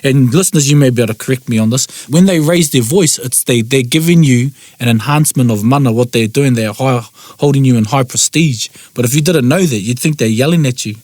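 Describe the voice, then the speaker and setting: A man's voice: mid-range voice, fairly quick, few pauses, darkish tone, dry recording. A man with a New Zealand accent co-presenting a casual podcast, thinking aloud in loose, trailing phrases.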